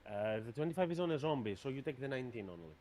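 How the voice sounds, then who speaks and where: A man running a tabletop role-playing game as game master, narrating the action in a relaxed, brisk way. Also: mid-range voice, a little hiss or hum.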